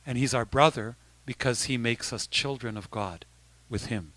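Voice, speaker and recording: A bishop speaks to young people in an informal, conversational talk, often restarting and slipping in asides. His voice is medium-pitched and fairly bright, at a normal speed.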